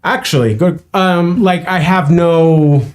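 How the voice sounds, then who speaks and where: A man's voice: a little high, slow. Chatty young man, bilingual storyteller. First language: Spanish. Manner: chatty storyteller, laughs often. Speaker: co-host of livestream. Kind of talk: casual chat.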